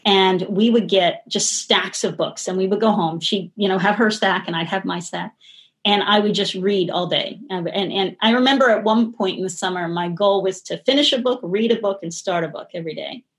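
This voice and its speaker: Here a middle-aged interview guest talks in a mid-range voice and an unhurried tempo. Her casual conversation wanders, full of false starts and soft laughter.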